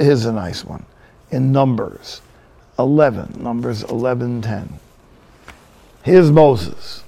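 Older guy preaching, gravelly, kinda dark voice, folksy storytelling. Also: a little high. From New Jersey. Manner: storytelling, folksy and animated with quoted asides. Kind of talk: sermon.

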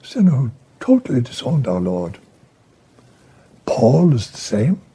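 A man preaching a sermon in a breathy voice that often drops to a whisper, emphatic, swinging from hushed to raised. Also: medium pitch, big pitch swings, a little slow.

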